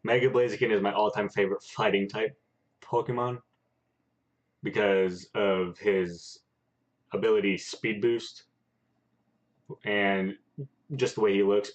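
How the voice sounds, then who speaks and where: A man co-hosting a casual chat, speaking haltingly with many pauses. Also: lowish voice, little pitch movement. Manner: halting, many fillers and restarts. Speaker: co-host. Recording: dull lo-fi sound.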